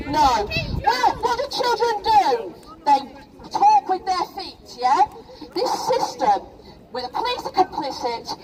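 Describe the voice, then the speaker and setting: Her voice is extremely high-pitched against a noisy background, captured in a distant recording of an outdoor crowd. She's a middle-aged protest speaker from Rochdale, England, giving an emotional, rallying street speech and keeps asking the crowd "yeah?".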